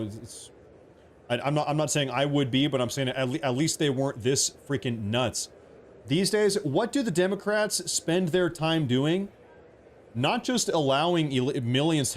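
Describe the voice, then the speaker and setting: A man's voice: fairly high pitch, slight background noise. A man hosting a political livestream from home, talking casually, joking and repeating himself as he rambles. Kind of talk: casual live commentary.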